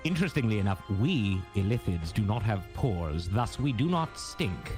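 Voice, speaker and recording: A man's voice: on the low side, big pitch swings, moderate pace, a little mellow, faint music behind. A man voicing a flamboyant, grandiose male Illithid lord who hosts a tabletop game show, with a theatrical, pompous delivery. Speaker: show host in character.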